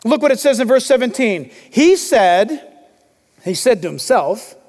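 A man preaching a sermon as pastor, emphatic and urgent, calling out loudly to his listeners. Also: very high-pitched, big pitch swings, measured pace, long reverb tail.

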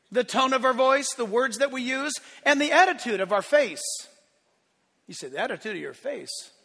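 A man preaching a sermon as pastor, swinging between emphatic bursts and quiet asides. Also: very high-pitched. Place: church hall. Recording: long church hall reverb.

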